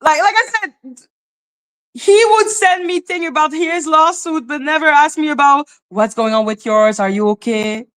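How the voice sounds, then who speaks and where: Woman host, blunt profane live-stream rant, fairly high voice. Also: normal speed. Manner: blunt, profane, swings between flat mutters and high exclaims. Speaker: livestream host.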